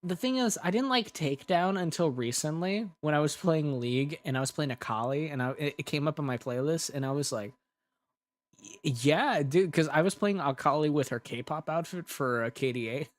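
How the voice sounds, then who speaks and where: A man's voice: on the high side, a little fast, hardly any pauses, no echo. A young adult man, an ASMR creator, rambling casually with restarts while chatting on a livestream.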